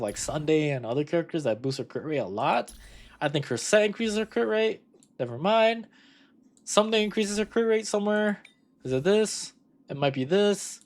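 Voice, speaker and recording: A young man in casual gameplay commentary, rambling and correcting himself, with sudden bursts of excitement. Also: medium pitch. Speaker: gaming content creator.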